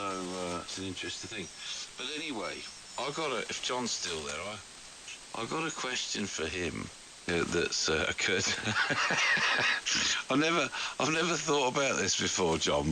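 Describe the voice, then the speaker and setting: A man with a very deep, gravelly voice chats over amateur radio, stumbling and restarting his sentences. His pitch swings widely, and a thick layer of radio static sits behind him. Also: very animated, measured pace, bright, forceful tone. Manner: hesitant, stammering restarts. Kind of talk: casual radio chat. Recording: noisy amateur radio signal.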